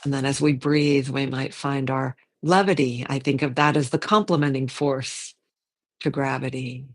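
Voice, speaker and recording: Gentle yoga teacher thinking aloud. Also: medium pitch, little pitch movement. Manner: gentle, unhurried, thinks aloud and corrects themself. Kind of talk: guided yoga and meditation class.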